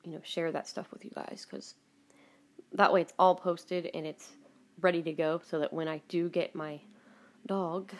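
A woman's voice: lowish voice, steady tone, moderate pace. A woman hosting her own podcast, chatting casually at home, rambling with frequent laughs and some swearing. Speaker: podcast host. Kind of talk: casual personal monologue. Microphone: home recording.

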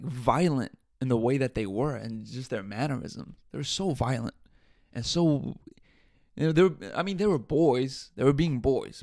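A man's voice: medium pitch, no room sound, clean studio sound. A man hosting a podcast, telling stories casually with plenty of swearing and bursts of laughter. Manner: profane, animated storytelling with laughs. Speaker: podcast host. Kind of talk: casual storytelling.

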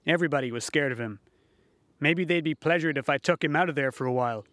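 Male narrator, folksy first-person storyteller, slightly high voice, dry read. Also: quick pace, fairly bright tone, dry recording.

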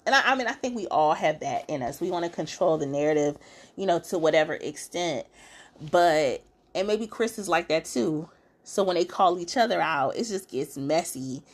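A woman hosting a podcast, giving a casual, chatty recap full of fillers and expressive asides. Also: on the low side. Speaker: podcast host.

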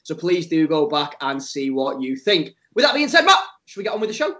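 High-voiced teasing podcast host. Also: male voice, sing-song, pushed and bright. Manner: playful, teasing, quick to laugh. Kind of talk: light-hearted podcast chat.

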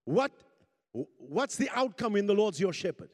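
A man with a strikingly high voice preaches to his congregation, calling on them to answer back and climbing into shouts. The sound rings with the long reverb of a church hall. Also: sing-song, normal speed. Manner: call-and-response preaching, urging the congregation to repeat; rising to shouts at peaks. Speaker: pastor. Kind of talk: sermon.

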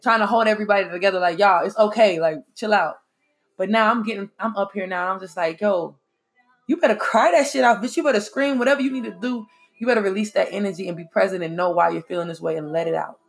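A woman in her twenties talking in an animated, profane, emphatic way in a casual chat. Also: medium pitch, quick pace, vocal fry. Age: 20s.

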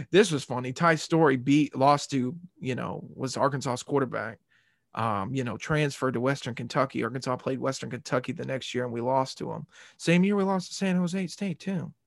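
A man's voice: mid-range voice, normal speed, gravelly, no echo, studio quality. A man hosting a casual sports podcast, rambling and joking, ranting and swearing as he goes. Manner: rambling and jokey, swears and rants. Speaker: podcast host.

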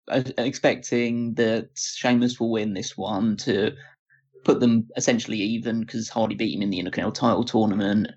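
A man's voice: on the low side, slightly rough. Man chatting with a dull lo-fi sound. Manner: hesitant, restarts often, measured opinions. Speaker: podcast co-host. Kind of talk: casual wrestling chat.

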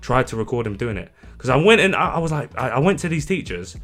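A man's voice: medium pitch, fast, faint music behind. A young man co-hosting a podcast, telling a story in casual chat with lots of swearing. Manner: animated, swears a lot. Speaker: podcast co-host.

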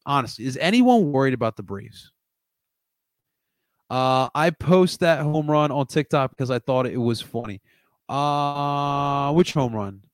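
A young man from Philadelphia hosting a casual sports livestream, rambling and answering his chat, jumping between loud outbursts and low mutters. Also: a little slow, dry recording. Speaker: livestream host.

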